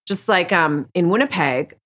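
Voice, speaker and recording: A woman with a notably low voice speaks frankly as a podcast guest. She rambles, restarts her sentences and talks bluntly. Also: expressive, moderate pace, a bit bright. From Canada. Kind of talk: candid interview conversation.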